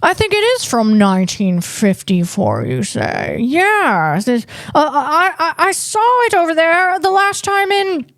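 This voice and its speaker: A woman doing a halting, drawling impression of a male 1940s film star. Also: high voice, sing-song, fairly bright tone, dry recording, voice pushed up, exaggerated voice. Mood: hesitant.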